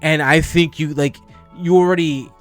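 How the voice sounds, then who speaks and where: A man with a somewhat high voice rambles eagerly through a casual podcast chat, full of "like" and restarts. Soft music plays in the background. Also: steady tone, normal speed. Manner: rambling, filler-heavy, enthusiastic. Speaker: podcast co-host. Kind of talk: casual chat about games.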